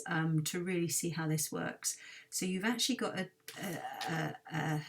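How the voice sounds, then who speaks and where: A woman's voice: fairly low pitch, distant mic. Friendly woman talking through a garden plan. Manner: friendly, thinking aloud with many ums. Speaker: garden designer reviewing a client's plan. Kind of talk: design review walkthrough.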